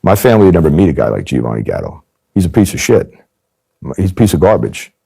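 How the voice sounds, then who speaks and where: A man with a low voice tells his story candidly in an interview. He talks fast and hammers points home by repeating them. His tone is dark and mellow. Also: sing-song, vocal fry, slightly rough. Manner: emphatic, repeats phrases for stress. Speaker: former undercover agent telling his story.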